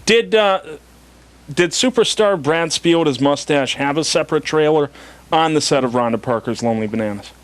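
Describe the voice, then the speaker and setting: A man's voice: a little high, moderate pace. A man with a slightly raised voice hosts a talk show. He teases his guests playfully and switches to reading plugs for the show. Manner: playful, teasing interviewer. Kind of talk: casual chat with scripted plugs.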